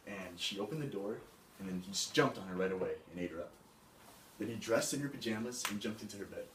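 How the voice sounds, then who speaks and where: A man's voice: fairly low pitch, quick pace, a bit bright. Casual young man telling a tale. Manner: casual, conversational, loose fillers. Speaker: student storyteller. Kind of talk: casual storytelling. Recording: echoey room, mic far off, faint hiss.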